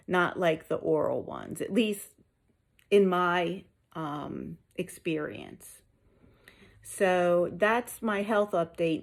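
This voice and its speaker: Slow, gravelly woman, mildly winded. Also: on the low side, a little mellow. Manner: slow, candid, with frequent ums. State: mildly out of breath and tired. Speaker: vlogger sharing a health update. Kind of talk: casual personal update to viewers.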